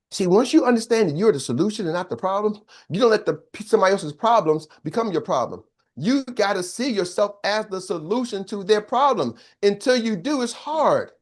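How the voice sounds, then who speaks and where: An older man with a high-pitched voice delivers a motivational business coaching talk. He's emphatic and preacher-like, frequently checking in with his listeners.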